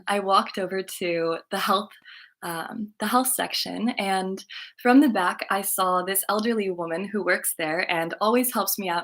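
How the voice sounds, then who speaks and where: Woman channeler type, chatty storytime vlog, middle pitched, lots of "like"s. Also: fairly bright tone. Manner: chatty, lots of "like" fillers, laughs while talking. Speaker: spiritual channeler and content creator. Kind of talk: casual storytelling monologue.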